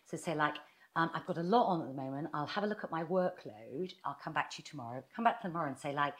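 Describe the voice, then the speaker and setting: Animated woman giving advice. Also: deep voice, fast. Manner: animated, acts out little quoted exchanges. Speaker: author and guest. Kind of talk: conversational advice interview.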